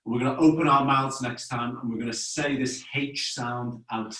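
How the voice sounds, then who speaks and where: A man with an English accent, a children's theater performer guiding families through face and voice warm-ups in a playful, encouraging way on a video call. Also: mid-range voice, steady tone, normal speed. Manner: playful, encouraging, instructing step by step. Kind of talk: guiding an interactive family webinar. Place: home room on a video call. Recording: echoey room, distant from the mic.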